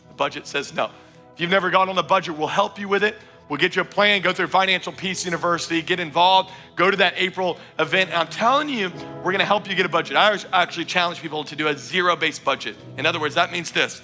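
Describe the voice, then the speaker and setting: A man's voice: high-pitched, fast talker, sharp tone, soft background music. A man preaching a sermon at a church service, fervent and emphatic, urging his congregation again and again. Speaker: pastor.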